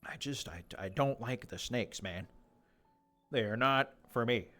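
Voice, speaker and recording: A man's voice: mid-range voice, a little slow, bright, forceful tone, faint music behind. Rambling young man streaming a game. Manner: rambling, jokey, talks to animals in a mock interviewer voice. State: slightly losing his voice. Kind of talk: casual solo streaming chatter.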